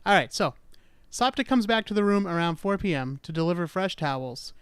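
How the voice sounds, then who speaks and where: A man's voice: sits high, lively intonation, brisk, fairly bright tone, smooth, dry recording. A man hosting a podcast, casually telling a true-crime story in a chatty, self-mocking way. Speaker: podcast host.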